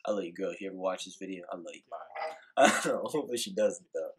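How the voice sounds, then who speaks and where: A young man rambles through a casual vlog story, laid-back and heavy on filler words and swearing. His voice sits a little low and comes out husky, and he talks quickly. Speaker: vlogger.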